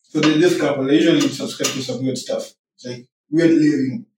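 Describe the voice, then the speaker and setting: A young man chatting loosely on a podcast, sliding between English and Swahili slang with plenty of fillers. He sounds far from the mic in a very echoey room, his voice at an ordinary middle pitch. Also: brisk, a little mellow. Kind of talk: casual chat.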